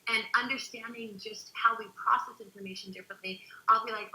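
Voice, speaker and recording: A woman co-hosting a relationship webinar, speaking earnestly and reflectively, at times softly. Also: mid-range voice, level tone, a little fast, hardly any pauses, roomy sound, slight background noise, low-quality recording. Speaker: co-host. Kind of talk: webinar talk.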